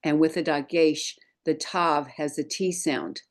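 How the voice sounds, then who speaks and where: A woman with a notably low voice gives a methodical Hebrew lesson. She talks in an unhurried way and patiently recites each letter for learners to repeat. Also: fairly even intonation. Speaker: Hebrew teacher. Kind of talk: screen-share Hebrew lesson.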